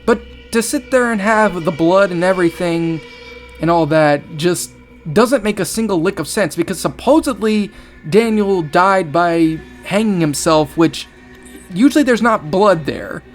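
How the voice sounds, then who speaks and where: A man's voice: high voice, expressive, a little slow, faint music behind. A man commenting on a horror story as he reads it aloud, exasperated and sarcastic, swearing often.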